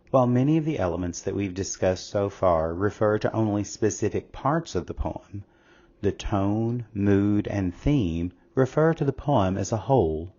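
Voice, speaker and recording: A man narrating a scripted English lesson in a slow, measured, explanatory way. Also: on the low side, a little mellow. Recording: slightly dull lo-fi audio.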